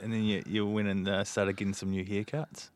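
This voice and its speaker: A man with a very low voice hosts a relaxed interview, throwing out teasing questions and ribbing his guest. The audio is dry and close. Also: a little fast, no echo. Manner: teasing, banter-heavy questions. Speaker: podcast host. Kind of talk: casual interview.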